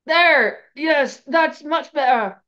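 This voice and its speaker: A woman voicing a young schoolboy wizard who fakes being ill with loud, overplayed whining, on a slightly dull recording. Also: mid-range voice, level tone, moderate pace, natural voice. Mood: overacting. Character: panicky young schoolboy wizard faking illness.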